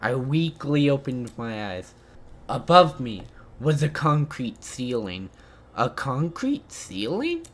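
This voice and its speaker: A gamer reading every line of a visual novel aloud, with excited, stammering reactions between lines. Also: mid-range voice. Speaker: let's play gamer.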